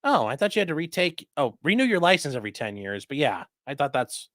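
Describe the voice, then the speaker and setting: A man's voice: on the high side, sing-song, fast talker, a bit bright, no room sound. Man, livestream host, casual chat, reads comments aloud, dry voice. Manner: chatty, rambling, reads viewer comments aloud.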